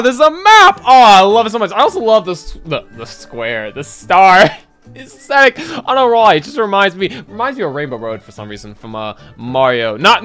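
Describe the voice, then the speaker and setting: A young man giving giggly, excitable, self-mocking commentary while playing a game. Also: high voice. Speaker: gameplay commentator. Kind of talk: let's play commentary. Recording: game music behind.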